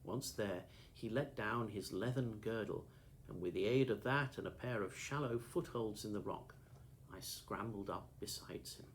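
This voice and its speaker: A man reading a classic novel aloud as an audiobook, in a steady, measured first-person storytelling manner. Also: on the low side, a little hiss or hum. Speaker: audiobook narrator.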